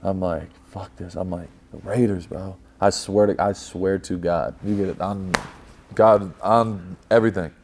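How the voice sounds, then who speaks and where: Young guy with a real deep voice, swears constantly, chatty guest vibe. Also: unhurried. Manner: profane, animated storyteller. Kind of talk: casual storytelling chat.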